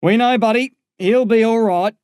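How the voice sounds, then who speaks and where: A man voicing an older ambulance officer who loudly coaxes a patient, calm and reassuring. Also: extremely high pitch, moderate pace, smooth, no room sound, clean studio sound, pitched above the performer's own voice. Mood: coaxing. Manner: loud, coaxing.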